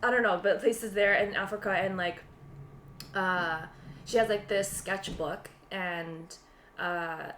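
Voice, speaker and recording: A woman co-hosting a casual podcast, rambling through an animated story packed with "like" and bursts of laughter. Her mid-pitched voice rings out in a roomy, echoey space, with faint ambient noise underneath. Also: slow. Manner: rambling, animated retelling with frequent laughs and fillers. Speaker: podcast co-host. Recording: roomy echo.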